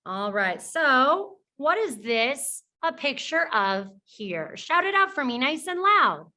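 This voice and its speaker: Bright, high-voiced woman teaching little kids. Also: big pitch swings. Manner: encouraging, slow and clear, praising often. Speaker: preschool teacher. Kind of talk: teaching young children, with songs.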